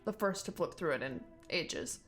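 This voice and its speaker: A woman's voice: on the low side, expressive, normal speed, fairly bright tone, faint music behind. A woman running a tabletop game as dungeon master, describing scenes in a casual way with lots of fillers.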